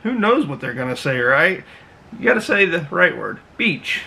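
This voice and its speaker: A man hosts a reaction video, chatting, laughing and telling stories. His voice is bright and lively, pitched a little high for a man. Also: normal speed, creaky, poor audio. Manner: chatty, laughing, retells anecdotes. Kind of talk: casual reaction commentary.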